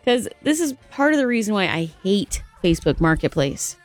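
A woman hosting a morning radio show, telling a story in an exasperated, animated way. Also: medium pitch, moderate pace, loud music behind the voice.

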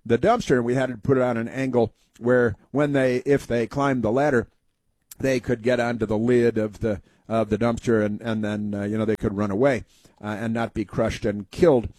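A man's voice: mid-range voice, steady tone, moderate pace, a little mellow, no echo. A man hosting a talk show, telling rambling folksy stories and giving opinionated commentary.

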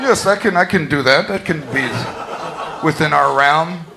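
A man voicing a pompous male roofing estimator who talks in a slow, stilted way. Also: on the high side, vocal fry, pitched below the performer's own voice. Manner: slow and stilted, self-important. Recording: live club with crowd and noise.

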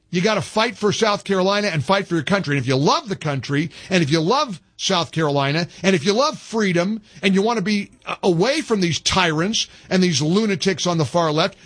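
A man's voice: sits high, lively intonation, fairly quick, a bit bright. A man hosting a talk radio show, delivering a fired-up political rant that is emphatic and repetitive. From American South. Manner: emphatic, repetitive, restarts mid-sentence.

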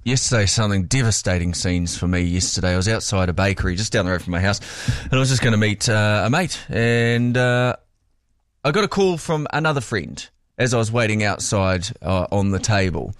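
A man's voice: on the low side, expressive, fairly quick, no room sound, studio quality. A New man co-hosting breakfast radio, telling a story in casual chat and acting out the dialogue. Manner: chatty storyteller, acts out dialogue. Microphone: studio mic.

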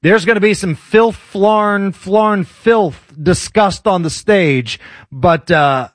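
High-voiced radio host guy, dry studio sound, jokey and sardonic. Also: slow pace, dry recording. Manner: sardonic, joking delivery. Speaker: radio talk show host. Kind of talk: casual radio banter.

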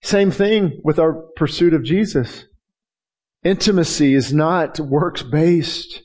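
A man's voice: on the high side, slow, a little mellow. A middle-aged man preaching a passionate sermon as pastor, acting out prayers and quotes and often restarting his sentences.

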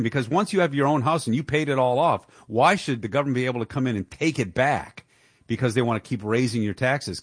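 A man's voice: medium pitch, slightly rough, no room sound, clean studio sound. A man hosting a talk radio show, giving indignant, emphatic political commentary with the odd chuckle.

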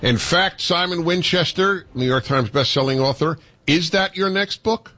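A man's voice: fairly high pitch, normal speed, bright, forceful tone, no room sound. A man hosting a radio talk show, effusive and jokey, sometimes talking over his guest. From United States.

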